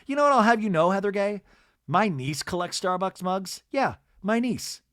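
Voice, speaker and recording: Animated, campy male podcast host. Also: sits high, normal speed, no echo, clean studio sound. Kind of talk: comic reality-TV recap.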